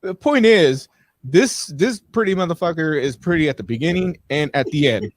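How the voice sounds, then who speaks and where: A man's voice: fairly high pitch, animated, normal speed, no echo. A man co-hosting a live talk show, rambling casually through frank movie opinions with many restarts. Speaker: podcast co-host.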